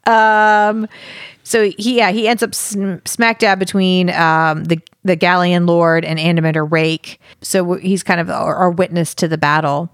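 A woman's voice: on the low side, level tone, measured pace, clear, resonant tone, no room sound, studio quality. A woman co-hosting a podcast, chatting casually about a book with many fillers, restarts and laughs. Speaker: podcast co-host.

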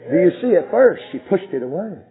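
A man preaches a sermon, spinning a story with emphasis and sudden soft drops in his voice. The sound is thin and tinny, like an old radio broadcast. Faint music sits underneath. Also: sits high, big pitch swings, fairly quick.

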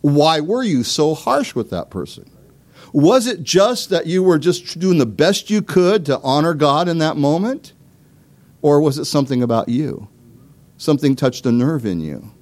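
A man's voice: a little high, expressive, measured pace, a little mellow. A man preaching a sermon in a conversational way, with asides and small laughs, asking his listeners direct questions. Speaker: pastor.

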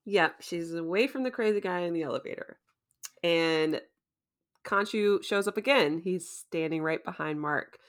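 A woman co-hosting a casual podcast, chatty and quick to laugh as she recaps a story. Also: fairly low pitch. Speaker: podcast co-host recapping a TV episode. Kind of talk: casual chat.

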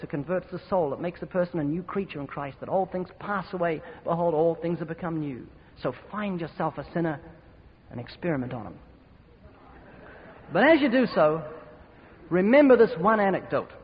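A man preaching a sermon, emphatic and forceful, with sudden loud swings in volume. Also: sits high. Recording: dull reverberant hall recording.

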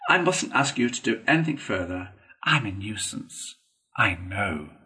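A man reading a storybook, voicing a languid, self-pitying male toad in a feeble, drawn-out, plaintive manner. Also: lowish voice, sing-song, sharp tone, heavily acted.

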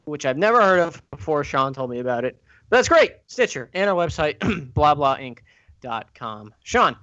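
A man's voice: fairly high pitch, sing-song, normal speed, sharp tone, dry recording, dull audio. A man hosting a casual podcast, joking around and reading plugs like an announcer. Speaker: podcast host. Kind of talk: casual chat.

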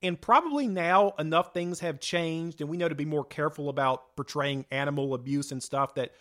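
A man's voice: on the high side, brisk, a bit bright. A man in his thirties co-hosting a casual chat, explaining his thoughts with lots of hedges and fillers. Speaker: podcast co-host.

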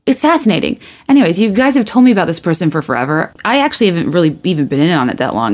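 A woman's voice: on the low side, very animated, darkish tone. A woman hosting a podcast in a casual monologue. She rambles, restarts her sentences and laughs at her own self-deprecating asides. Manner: restarts often and stacks quick asides. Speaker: podcast host.

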